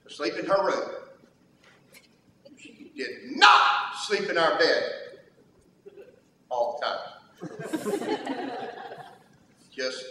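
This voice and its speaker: A man's voice: very high-pitched, bright, forceful tone. A man preaching a sermon in a folksy, humorous storytelling manner. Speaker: pastor. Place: church sanctuary. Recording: echoey church hall from far off.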